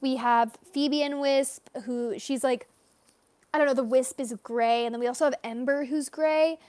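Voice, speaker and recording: Here a young artist livestreams her drawing session, chatting with viewers, wandering between topics and reading comments out loud. Her voice is high with a darkish tone and fairly even intonation, and she speaks at a moderate pace with no room sound.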